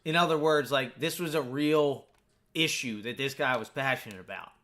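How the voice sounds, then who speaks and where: Chatty American male streamer, rambling casual delivery, bright tone, keyboard typing in background. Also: mid-range voice, normal speed. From United States. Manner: rambling, chatty, full of fillers. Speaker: gaming streamer. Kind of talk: casual chat while playing a game.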